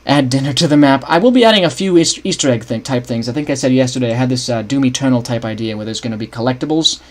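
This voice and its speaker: In a quick-paced, medium-pitched voice, a young man chats casually on his livestream while scripting a game map. He thinks aloud, keeps restarting his thoughts and talks with his viewers.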